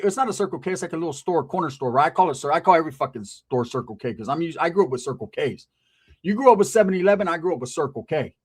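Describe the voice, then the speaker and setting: A man with a high-pitched voice tells a stand-up story with profane, animated energy. His delivery stays chatty and loose. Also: husky. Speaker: stand-up comedian.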